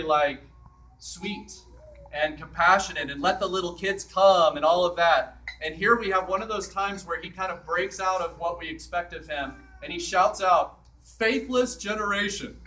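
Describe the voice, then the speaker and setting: A man's voice: on the high side, sharp tone, recorded from a distance, rough recording. A man preaching a sermon as a priest in a church, in a conversational way that acts out the scripture quotes.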